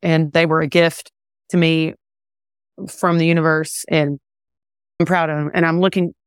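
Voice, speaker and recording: A woman singer-songwriter talking casually in an interview, relaxed and rambling with many fillers and restarts. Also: sits low, moderate pace, smooth, no echo, clean studio sound. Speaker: country singer-songwriter guest.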